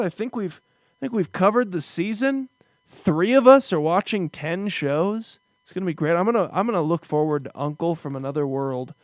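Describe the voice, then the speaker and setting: A man in his thirties, a podcast host in casual chat, telling stories with animated mock outrage. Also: on the high side, dry recording, clean studio sound.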